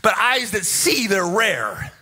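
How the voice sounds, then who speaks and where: A man's voice: high-pitched, very animated, takes it slowly, sharp tone, breathy edge. A man preaching a rousing, joking sermon at a conference, with a sing-song delivery and frequent calls to the crowd. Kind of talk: energetic sermon. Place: conference stage.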